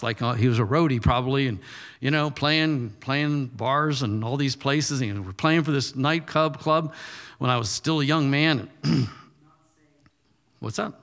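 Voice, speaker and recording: A man in his thirties preaching in a conversational style, punchy and rising to forceful declarations. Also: medium pitch, unhurried, in a large hall. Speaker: pastor. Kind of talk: sermon.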